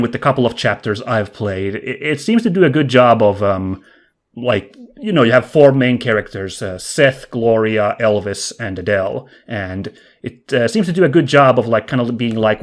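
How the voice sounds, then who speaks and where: A man's voice: mid-range voice, expressive, moderate pace. A man co-hosting a casual podcast, chatting enthusiastically and thinking aloud as he talks. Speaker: podcast co-host. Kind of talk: casual podcast chat about video games.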